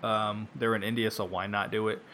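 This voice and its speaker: A man chats casually about wrestling, animated as he tells a story and slipping into quick impressions of other people. A faint rumble sits in the background.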